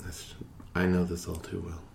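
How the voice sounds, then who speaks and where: A man's voice: deep voice, completely flat delivery, normal speed, vocal fry, a little mellow, slight background noise. A man in his thirties hosting a podcast in snarky, laughing casual chat. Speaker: podcast host. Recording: roomy echo.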